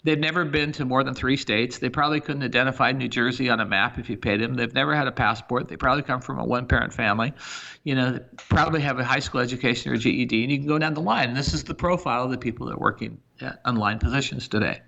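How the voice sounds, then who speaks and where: A middle-aged man speaks as a business leader in a podcast interview, his voice gravelly with a bright, forceful edge. He pushes his points with energy and stacks example after example. The audio is a bit dull and lo-fi. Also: medium pitch, quick pace. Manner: energetic, emphatic, talks through examples. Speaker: senior living company CEO, guest.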